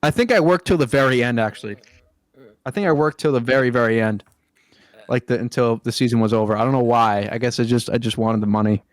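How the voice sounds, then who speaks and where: A young man hosts a podcast in a loose, rambling chat, swearing a lot and leaning on fillers. His voice is mid-range and he talks fast, with no echo in the recording.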